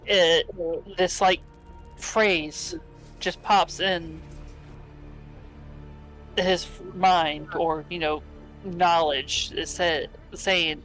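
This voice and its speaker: A player in a tabletop game talks through a character's dreams and actions in a mid-range voice. The delivery is casual and halting, full of searching pauses. Quiet music plays behind. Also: mid-range voice, steady tone, poor audio.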